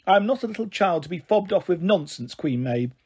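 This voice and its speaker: A man's voice: sits high, lively intonation, a little fast, darkish tone, slightly rough. A man reading aloud, voicing a tiny, stern and suspicious girl fairy in a children's storybook. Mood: stern scornful. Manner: stern, scornful.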